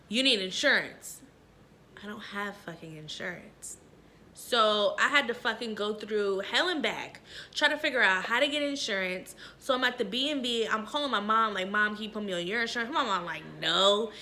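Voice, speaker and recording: Young woman, vlogger, bright sharp voice, casual storytime, swears a lot, candid. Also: mid-range voice. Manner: candid and profane, heavy filler phrases. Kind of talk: casual storytime during an eating video.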